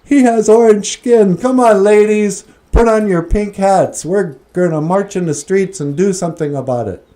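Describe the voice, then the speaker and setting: Guy doing a shrill fired-up lady protester, high and loud, mocking. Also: moderate pace, few pauses, lightly acted. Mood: indignant. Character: shrill indignant woman protester.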